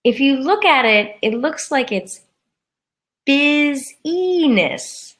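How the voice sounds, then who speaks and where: A woman teaching a live English lesson, saying words slowly and carefully and repeating them for learners. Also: high voice, lively intonation, fairly bright tone. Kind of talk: live-streamed grammar lesson.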